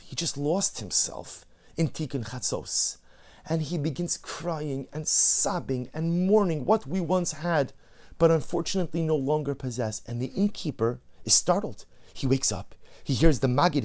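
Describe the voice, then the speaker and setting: A man giving an animated Torah sermon, telling a story and acting out the voices in it with emphatic rises. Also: fairly high pitch. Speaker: rabbi giving a Torah lecture.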